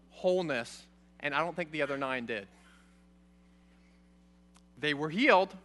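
Speaking high in his range, a preacher gives a relaxed Bible lesson. He reads a passage aloud, talks through its meaning with animation, and keeps checking in with those listening.

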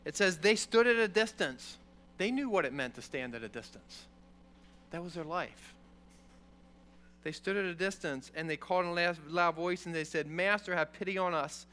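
In an informal Bible lesson, a preacher reads a passage aloud and talks it through at a moderate pace in a voice that sits high. His delivery is animated and conversational, and he regularly checks in with the people listening.

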